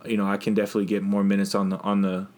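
A young man with a fairly low voice chats easily on a podcast. He talks at an unhurried pace and fills his sentences with "you know" and "um". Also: monotone, a little mellow. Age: young adult. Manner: laid-back, many fillers, laughs often. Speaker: podcast guest, basketball player. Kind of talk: casual chat.

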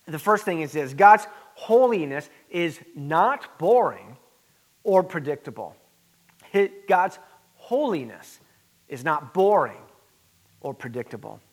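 A man with a notably high voice preaches with earnest emphasis. He leans on repeated words and drops in casual "right?" asides to the congregation. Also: animated, slow. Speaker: pastor. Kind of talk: sermon.

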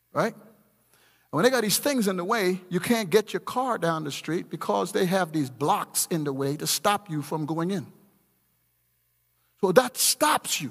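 A middle-aged man preaching a sermon as pastor, swinging from low murmurs to shouted emphasis. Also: gravelly, breathy edge. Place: church. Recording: long reverb of a large church hall.

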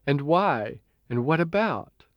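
A man's voice: a little high, dry recording, highs cut off. A man putting on a cool, aloof heiress. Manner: calm, flat, unhurried.

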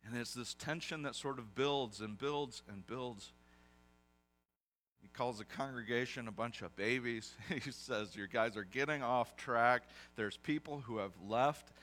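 A man's voice: mid-range voice, a bit bright. A man, a pastor with young kids, preaching a conversational sermon with self-deprecating asides.

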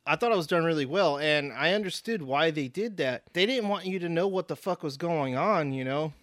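A man in a casual film review chat who swears freely and talks with blunt enthusiasm. His voice sits a little higher than most men's. The recording is dry and close. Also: lively intonation, a little fast, a bit bright, dry recording. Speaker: podcast co-host.

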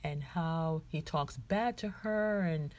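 A woman's voice: low-pitched, takes it slowly, darkish tone. A woman from the Caribbean islands hosting her own podcast, telling a story in a chatty, rambling way with many ums and asides to her listeners. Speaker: podcast host. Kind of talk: casual solo podcast storytelling.

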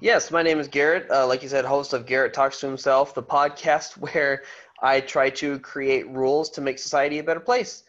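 A man's voice: mid-range voice, steady tone, normal speed, fairly bright tone, muffled recording. A man introducing himself as a podcast guest in an easygoing, casual way. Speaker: podcast guest and host of his own show.

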